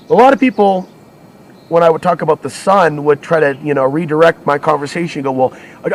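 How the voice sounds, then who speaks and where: Male channel host, solo talk, rambling delivery with frequent self-corrections. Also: a little high. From United States. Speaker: alternative media channel host. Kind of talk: solo monologue to camera.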